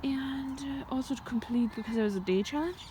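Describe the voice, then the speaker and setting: A woman's voice: high voice, brisk, noisy background. Rambling woman vlogging outdoors. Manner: rambling, thinking aloud, often drops to a whisper. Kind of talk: reflective walking vlog. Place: outdoors in the countryside by a fence. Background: birds and sheep in the open air.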